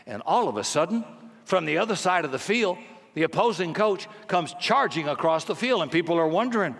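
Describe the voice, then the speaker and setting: An older man preaches in a storytelling way, his slightly high voice rising and falling widely from hushed lines to emphatic ones. Long reverb from a large hall trails every phrase. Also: brisk. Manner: animated, swings from hushed to emphatic. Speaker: pastor. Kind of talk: storytelling sermon.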